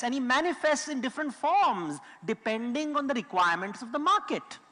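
A man's voice: extremely high pitch, bright, forceful tone. Man lecturing in a reverberant hall. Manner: explanatory storytelling, emphatic repetition. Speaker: public speaker. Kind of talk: lecture talk.

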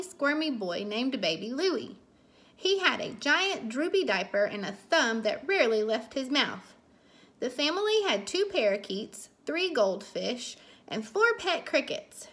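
At bedtime, a woman teacher reads a picture book to children in a high voice, taking her time. She leans into each line with lively, slow, expressive storytelling and character voices.

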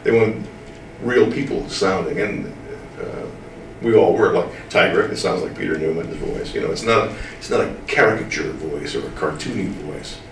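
An older man with a lowish voice tells stories at an easy, drawling pace and stresses his words firmly. He sits away from the mic in a roomy space, with a faint hiss behind him. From American Midwest. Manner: drawling, slow to get things said, emphatic. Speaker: voice actor interviewee. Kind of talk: casual interview storytelling. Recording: roomy room, distant mic.

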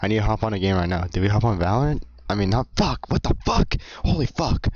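Young man streaming, crude and animated. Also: lowish voice, fast, muffled recording. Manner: crude, profane banter with sudden shouted outbursts. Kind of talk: casual live-stream gaming chat. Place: home streaming desk. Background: game music playing.

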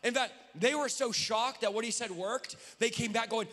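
A man preaching a sermon from the pulpit in a church, fervent and often shouting. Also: very high voice, normal speed. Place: church sanctuary. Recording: long hall reverb.

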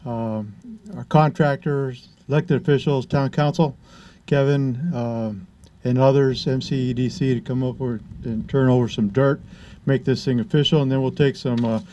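A man at an outdoor groundbreaking gives a short, halting announcement with fillers, inviting people up. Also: medium pitch, steady tone, mellow, muffled recording, a little hiss or hum. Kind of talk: ceremony announcement.

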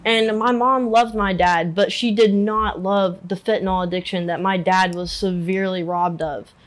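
A young adult woman in a candid interview, talking in a halting, emotional way and using "like" a lot. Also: medium pitch, fairly even intonation. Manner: halting and emotional, many filler "like"s.

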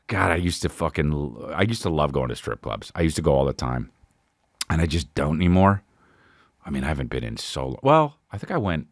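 Animated, profane male podcast host. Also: sits low, dry recording, clean studio sound. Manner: animated, profane, laughing storyteller. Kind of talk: casual storytelling chat.

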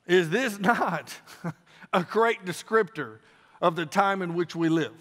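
A man with a Southern US accent preaching a sermon as pastor, emphatic and repeating phrases for stress, swinging between loud and quiet. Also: high voice, measured pace. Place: church. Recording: long reverb of a church hall.

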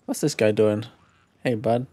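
A man streaming a video game live, chatting casually, excitable and profane, with playful shouted exclamations. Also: fairly low pitch, a little slow, no echo. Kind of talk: casual live gameplay commentary. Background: faint game music.

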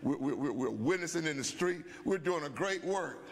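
A man in his seventies, a bishop, telling a folksy, animated story at a Bible study, often saying "man" and "guess what.". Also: on the high side, normal speed, slight background noise. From USA. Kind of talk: storytelling sermon. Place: church sanctuary. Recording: church hall with long reverb.

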